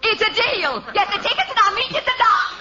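A woman's voice: extremely high pitch, lively intonation, quick pace. A woman voicing giddy young female fans in a 1940s radio comedy. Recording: distant, lo-fi, hissy old radio recording.

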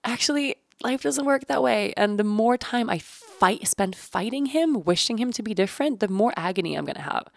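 Gravelly-voiced woman podcast host. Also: fairly high pitch, expressive, moderate pace, hardly any pauses, dry recording. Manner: candid, swears casually, laughs often, acts out quotes. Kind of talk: personal reflective podcast monologue.

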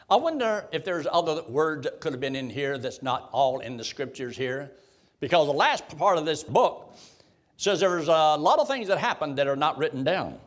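A man's voice: on the high side, lively intonation, moderate pace. Folksy man leading Bible study. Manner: folksy, reads King James verses aloud and quizzes the group.

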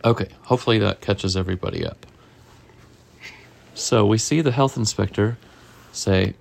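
A man reading a picture book aloud with a child, in a gentle, chatty way, often stopping to ask questions. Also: lowish voice, lively intonation, measured pace, creaky, pauses often. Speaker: storybook reader.

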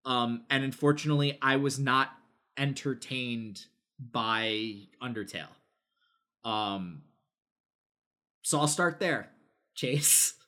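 A man's voice: medium pitch, slow pace, long pauses, pushed and bright. A man co-hosting a gaming podcast, talking casually with lots of fillers and the odd swear word. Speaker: podcast co-host. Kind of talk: casual chat.

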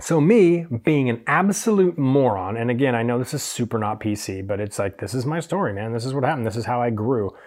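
A man's voice: medium pitch, expressive, brisk, few pauses, darkish tone. A young man casually telling a self-deprecating anecdote, acting out the voices of people in it. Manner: chatty, self-deprecating, acts out quoted voices. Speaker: hairstylist podcast host.

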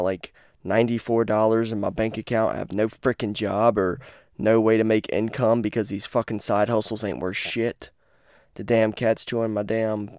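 A man's voice: on the low side, darkish tone, smooth, no room sound, studio quality. A man rambling in a casual podcast while lying on his bed, swearing often and stumbling over his words. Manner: rambling, profane, frequently stutters and restarts. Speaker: podcast host. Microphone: headphones and corded mic.

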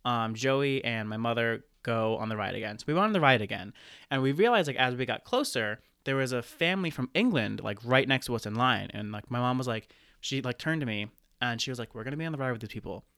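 A man from Maine, a band director and podcast guest, telling stories in animated casual chat and laughing often. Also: medium pitch, fairly quick, clean tone, no echo, clean studio sound. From Maine, United States.

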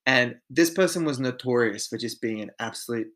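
A man's voice: medium pitch, a little fast, a bit bright. A man, co-hosting a podcast and telling work stories in casual chat, candid and swearing freely. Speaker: podcast co-host.

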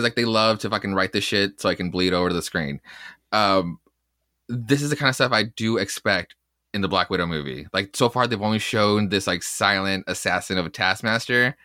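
A man co-hosting a comic book podcast, chatting in a relaxed way and swearing casually. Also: lowish voice, moderate pace, dry recording, studio quality. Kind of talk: casual chat.

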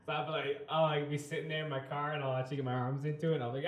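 A man's voice: a little high, level tone, racing. A man co-hosting a podcast in a playful, jokey way, often slipping into exaggerated voices. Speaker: podcast co-host. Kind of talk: casual podcast chat. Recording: echoey room.

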